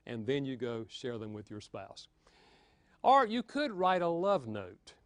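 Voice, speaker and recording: A man giving a lively, humorous marriage seminar talk, joking with his audience. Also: mid-range voice, a little slow, no room sound, studio quality. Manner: animated, playful, jokes with the audience.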